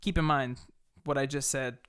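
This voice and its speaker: Male podcast co-host, smooth voice, mid pitch, loose and profane storyteller. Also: normal speed. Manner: animated, swearing, acts out people's lines in raised voices. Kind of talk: casual storytelling chat.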